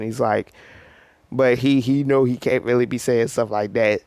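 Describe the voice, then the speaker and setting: A man's voice: mid-range voice, steady tone, moderate pace, clean tone, no room sound. A man casually telling a made-up story, rambling with lots of fillers. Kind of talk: casual fan-fiction storytelling.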